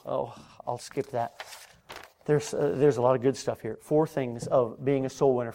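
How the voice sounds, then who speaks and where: A man preaching a sermon in a storytelling manner, acting out doorstep conversations and rising loud and high when he gets animated.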